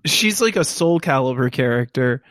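A man co-hosting a casual movie review chat, enthusiastic and quick to agree. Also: mid-range voice, expressive, fairly bright tone, no room sound, clean studio sound. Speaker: podcast co-host.

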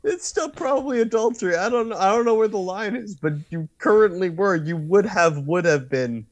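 A man co-hosting a comedy podcast, talking animatedly with quick laughs and mock outrage. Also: sits high. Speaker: podcast co-host. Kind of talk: casual comedic chat.

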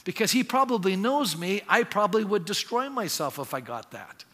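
A man's voice: high-pitched, big pitch swings, normal speed, fairly bright tone, big-room sound. A man preaching a sermon as pastor, speaking in a conversational way and putting questions to the congregation. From Canada.

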